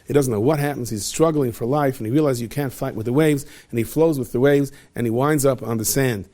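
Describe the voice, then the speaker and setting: A man, a rabbi, spins a long story for his students in a lively, chatty way. He slips in and out of the characters' voices as he goes. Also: medium pitch, a little fast. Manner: lively, conversational, acts out every character.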